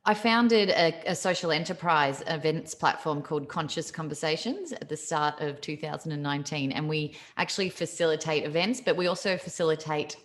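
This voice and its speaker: A woman's voice: sits low, fairly quick, few pauses. A woman hosting a podcast, asking questions in casual, encouraging interview chat. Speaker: podcast host.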